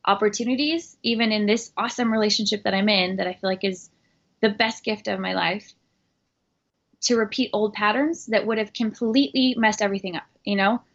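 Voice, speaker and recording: A woman's voice: medium pitch, fairly even intonation, a little fast. A woman chatting as a podcast guest, earnest and emphatic, with lots of fillers and restarts. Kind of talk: casual interview talk. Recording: dull lo-fi recording.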